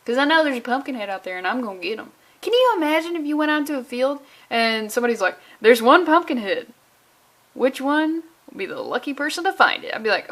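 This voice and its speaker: A young woman riffs through a comic with sarcastic, rambling asides and the odd curse. Her voice sits a bit high and sounds bright and clear. It is casual, joking commentary. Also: expressive, moderate pace. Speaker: comic book reviewer.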